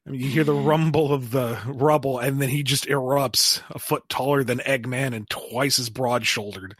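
A man co-hosting a chatty podcast, his voice sitting at an ordinary middle pitch. He spins out silly what-if stories with a playful, riffing manner. The sound is dry and close, with no room to it. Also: steady tone, normal speed, fairly bright tone, dry recording. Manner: playful, riffs out silly scenarios. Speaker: podcast co-host answering listener questions. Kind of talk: casual podcast chat.

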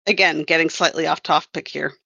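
Bright-voiced woman rambling about comics. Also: low-pitched, steady tone, fairly quick, gravelly, breathy edge, no room sound, highs cut off. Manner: rambling, self-correcting, wry. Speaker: comics writer and colorist. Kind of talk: casual podcast chat.

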